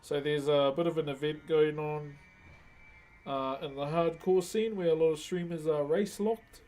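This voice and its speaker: A man's voice: fairly high pitch, steady tone, moderate pace, darkish tone. A man, chatting casually on a live stream and thanking viewers as he works. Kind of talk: casual live-stream chat while working.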